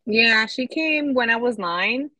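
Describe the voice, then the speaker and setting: A woman's voice: on the high side, expressive, slow pace, bright, forceful tone, no echo. A young woman from the Dominican Republic, an activist guest speaking casually in an interview, full of "like" and "you know".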